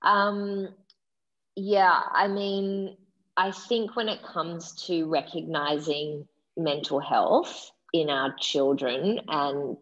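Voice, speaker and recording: A woman's voice: deep voice, fairly even intonation, extremely slow, fairly bright tone, dull audio. A woman who is a mother and nutritionist, speaking as a guest on a podcast in a playful, chatty way. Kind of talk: casual interview chat.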